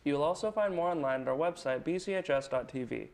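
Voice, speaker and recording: A man's voice: fairly high pitch, quick pace, gravelly, darkish tone. A teenage boy reading a scripted newscast as a student anchor in a school broadcast studio, in a playful, upbeat way. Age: teens.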